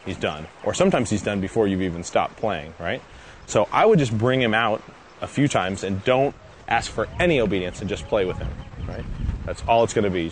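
Low-voiced man coaching dog training outdoors. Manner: instructive, casual, frequent "right?" check-ins. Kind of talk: live coaching session. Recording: outdoor noise.

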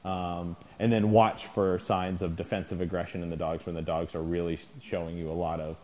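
A man's voice: low voice, little pitch movement, brisk, a little mellow. A man teaching a clinic for dog trainers, talking conversationally, often checking in with the class and acting out scenes. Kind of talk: informal lecture to trainees.

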